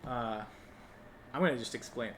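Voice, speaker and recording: A man's voice: mid-range voice, moderate pace, a bit bright. Hesitant man reading a solo game aloud. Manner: hesitant, self-amused, with restarts. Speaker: solo tabletop game player. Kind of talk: reading a solo adventure aloud and role-playing. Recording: noisy home recording.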